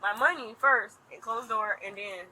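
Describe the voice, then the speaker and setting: A woman rapidly retelling events to a police officer, animated, acting out what others said. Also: fairly high pitch, low-quality recording. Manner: rapid, animated storytelling with quoted dialogue. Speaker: complainant talking to police. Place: outdoors at an impound lot. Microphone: police bodycam.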